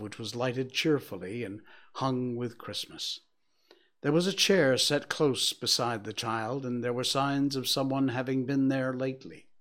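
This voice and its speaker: A man narrates a classic tale aloud at a slow, deliberate pace. His voice sits in a middle pitch and drops to a hush for quiet moments. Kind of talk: storybook reading aloud.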